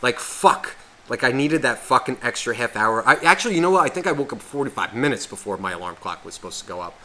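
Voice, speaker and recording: A man's voice: mid-range voice, animated, fast, bright, forceful tone. A man co-hosting a podcast, telling a rambling story in casual chat full of swearing. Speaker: podcast co-host.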